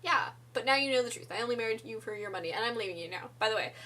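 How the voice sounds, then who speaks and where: A woman's voice: on the high side, animated, rapid-fire, pushed and bright, recorded from a distance. Breezy callous count, as a woman puts him on. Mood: offhand. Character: callous charming male count, unbothered.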